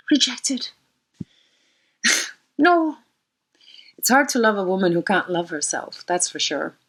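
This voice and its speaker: Husky-voiced woman astrologer, low and reflective. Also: low-quality recording. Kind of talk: storytelling talk on myth and astrology.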